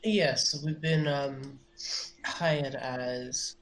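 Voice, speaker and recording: A man's voice: mid-range voice, steady tone, very slow, a little hiss or hum. A man playing a tabletop game, easygoing and a bit hesitant. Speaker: player. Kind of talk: tabletop game play, casual.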